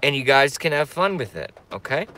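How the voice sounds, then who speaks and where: A man's voice: medium pitch, big pitch swings, a little fast, bright, forceful tone. A middle-aged man live streaming, rambling brashly in a crude, stop-start way to his chat. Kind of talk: casual live-stream rant.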